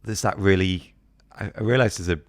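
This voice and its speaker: A middle-aged British man talking as a podcast guest, telling stories in a casual, animated way and acting out other people's voices. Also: low-pitched, brisk, dry recording, studio quality. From Britain. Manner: animated, acts out voices of others mid-story. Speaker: podcast guest, business co-founder. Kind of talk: casual interview chat.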